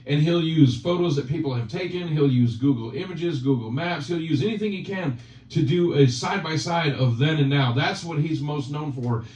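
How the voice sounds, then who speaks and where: A man's voice: fairly high pitch, moderate pace, a little mellow. A man hosting a casual chat, teasing his guest in joking banter. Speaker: channel host. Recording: roomy, distant, dull sound.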